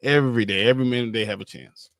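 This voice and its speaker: A man in his thirties, co-hosting a casual chat show, laid-back and quick to laugh as he reads out viewer comments. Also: mid-range voice, creaky, fairly bright tone, no echo, clean studio sound. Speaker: co-host.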